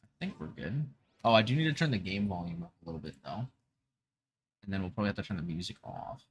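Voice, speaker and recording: A man's voice: deep voice, sing-song, fast talker, a little hiss or hum. A young man chatting casually on a gaming livestream into a desk mic, upbeat and full of fillers. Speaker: VTuber streamer.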